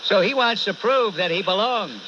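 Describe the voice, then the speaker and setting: A man's voice: sits high, lively intonation, moderate pace. A man hosting a call-in radio show, blunt and sarcastic, berating and cutting off callers, with a New York accent. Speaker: talk radio host. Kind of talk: combative call-in radio talk. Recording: dull AM radio broadcast with faint hiss.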